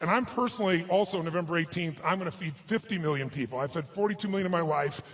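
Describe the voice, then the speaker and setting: Guy giving a motivational talk, kinda high voice for a man, heartfelt storytelling that slows way down on the emotional bits. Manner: persuasive and rallying. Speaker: motivational speaker. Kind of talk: storytelling speech to an audience.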